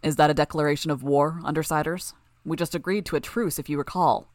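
A woman's voice: sits low, fast, no echo, natural voice. A woman playing a cool sardonic villain boss. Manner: calm, sardonic. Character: utterly calm, sardonic male villain leader.

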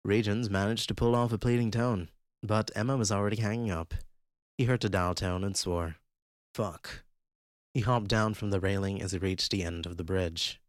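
A man narrates a fan-made audiobook with a steady, even delivery. His voice sits on the low side. The recording is dry and close, with no room sound. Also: fairly quick, no room sound.

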